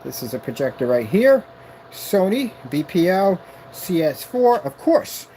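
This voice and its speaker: A man casually demonstrating a projection screen on a vlog, excited and rambling, boasting about his product. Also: slight background noise. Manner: sings snatches of a tune in a high voice.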